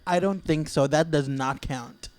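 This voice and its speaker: A man's voice: on the high side, measured pace, a little mellow, dry recording. A man from the Philippines, a guest on a podcast, joking playfully in a casual group chat.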